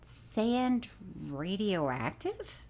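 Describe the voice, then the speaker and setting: A woman from Florida co-hosting a podcast, an animated storyteller who laughs often in casual chat. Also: mid-range voice, very slow. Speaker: podcast co-host.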